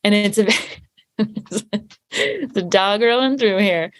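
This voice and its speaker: A woman's voice: mid-range voice, slow pace. A woman hosting a podcast, chatting casually and candidly with her guest, swearing freely. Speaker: podcast host. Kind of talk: casual conversational interview.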